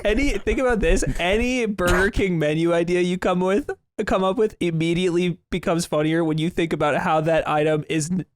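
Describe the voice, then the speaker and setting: A man's voice: high-pitched, steady tone, fairly quick, hardly any pauses. A man on a podcast, joking in casual chat. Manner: joking, laughing while talking. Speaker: podcast co-host.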